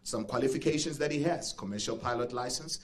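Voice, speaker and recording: A man's voice: mid-range voice, a little fast. A man hosting a live event as master of ceremonies, playful and chatty with the audience. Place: event venue stage.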